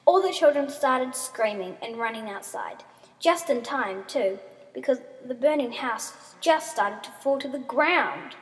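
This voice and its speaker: A woman reads a story aloud slowly, her pitch rising and falling with expression. Her voice is a bit high for a woman. It rings in a reverberant room with a long tail. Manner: slow, expressive reading with sound effects. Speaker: story reader. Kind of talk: reading a written story aloud.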